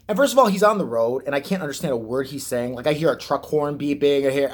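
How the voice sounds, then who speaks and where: A man from Chicago rants to the camera in a loose, rambling vlog style. He is sarcastic and swears freely, at an ordinary mid pitch. The delivery is off-the-cuff and conversational. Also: expressive, fast talker. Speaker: vlogger. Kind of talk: casual vlog rant.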